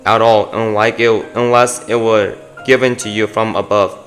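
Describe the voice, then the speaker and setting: A man's voice: on the low side, flat delivery, normal speed, few pauses, fairly bright tone, faint music behind. A man giving a devotional scripture reading aloud, often stumbling and correcting himself mid-line. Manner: reads aloud with frequent slips and self-corrections. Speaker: Bible reader.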